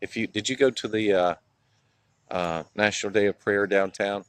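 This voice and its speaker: His voice is fairly low and steady, at a moderate pace, captured in a dry recording. He's a Southern-accented livestream vlogger from North Carolina, chatting casually outdoors in a small town, greeting viewers by name and reminiscing with plenty of laughter.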